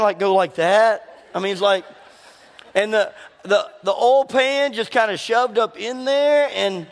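A middle-aged man, preaching a sermon full of folksy personal stories and questions to the congregation. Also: high-pitched. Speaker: pastor. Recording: long hall reverb.

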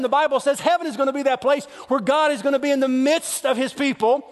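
A man's voice: extremely high pitch, fast talker, few pauses. A man preaching a sermon with emphatic delivery, often acting out quoted voices. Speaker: pastor. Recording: long hall reverb.

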